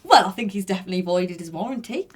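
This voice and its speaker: A woman's voice: mid-range voice, animated, husky. Cheeky woman guest. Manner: cheeky, quick quips. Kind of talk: casual studio chat.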